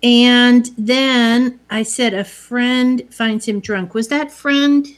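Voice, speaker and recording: A woman's voice: fairly high pitch, fairly even intonation, takes it slowly. Chatty woman recapping a film. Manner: retells scenes at length, quoting characters. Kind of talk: casual movie recap chat.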